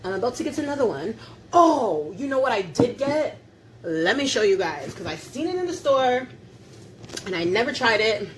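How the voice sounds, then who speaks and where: A woman's voice: fairly high pitch, sing-song, moderate pace, slight background noise. A young woman vlogging at home while cooking, chatty and laughing, swearing casually. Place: home kitchen.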